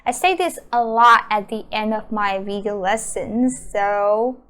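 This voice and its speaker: A woman's voice: mid-range voice, measured pace, a bit bright, clean tone. A young adult woman teaching a beginner Mandarin lesson, patiently repeating words and explaining each one. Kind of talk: slow beginner language lesson.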